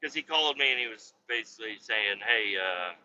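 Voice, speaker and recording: A podcast host with a lowish, expressive voice tells a story quite quickly, his tone bright and forceful. He's casual and profane, acting out everyone he quotes in his own voice. The recording sounds slightly dull, with faint road noise.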